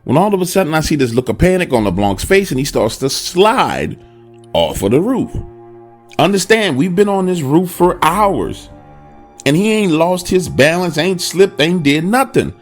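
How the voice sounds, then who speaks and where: A man's voice: fairly high pitch, big pitch swings, normal speed, soft background music. A man narrating a first-person horror encounter, speaking dramatically and addressing the listener directly. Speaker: storyteller.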